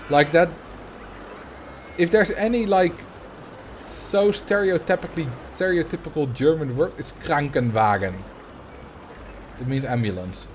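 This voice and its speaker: A man's voice: fairly high pitch, animated, normal speed, long pauses, a little hiss or hum. A man with a Dutch accent giving casual, joking commentary while livestreaming a game. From Netherlands. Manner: chatty, laughs often, jokes about words.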